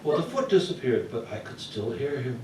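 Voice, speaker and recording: A man telling comic stories to a live audience on a small theater stage, playful and animated, acting out sounds. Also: medium pitch, moderate pace, recorded from a distance, slight background noise. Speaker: storyteller at open mic. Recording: roomy hall, heard from afar.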